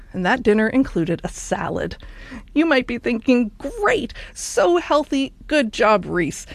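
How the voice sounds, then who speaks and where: A woman's voice: medium pitch, dry recording. A woman hosting a radio news show, telling a quirky story with a playful, wry manner and comic asides. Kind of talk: scripted radio narration.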